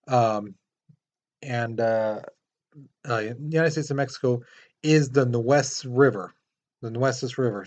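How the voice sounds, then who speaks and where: A man's voice: medium pitch, a little mellow. A man teaching a history lesson in a casual, explanatory way, pointing to a map with many fillers. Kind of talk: classroom lecture.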